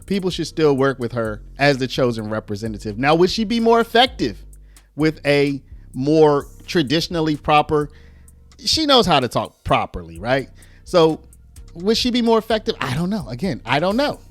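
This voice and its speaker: A man's voice: on the high side, moderate pace, no room sound, faint music behind. A man hosting a casual commentary video, talking to viewers and acting out quoted speech in a raised voice. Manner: lively, conversational, uses "y'all", acts out quotes in raised voice.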